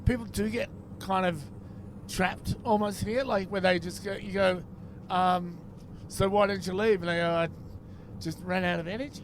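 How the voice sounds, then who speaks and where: An Australian man with a higher-than-usual voice trades stories with a friend on a long drive. He is dry and anecdotal, slipping into quoted voices as he goes. Faint car noise hums underneath. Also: steady tone, moderate pace. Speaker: podcast co-host. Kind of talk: casual chat. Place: inside a moving car.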